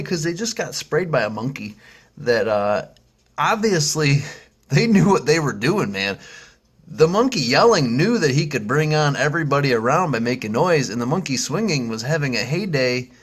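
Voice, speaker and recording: A man with a slightly high, fairly bright but husky voice hosts a casual vlog in an upbeat, rambling way, full of fillers and restarts. He tells a funny story, acting out screeching monkey sounds along the way.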